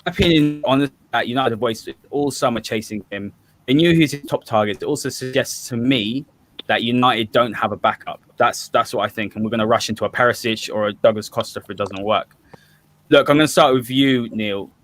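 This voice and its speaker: A man with a Southern English accent hosts a football fan podcast. His voice sits at an ordinary middle pitch, and he talks in a firm, opinionated way as he leads the discussion. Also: a little fast, fairly bright tone. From Southern England. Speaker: host.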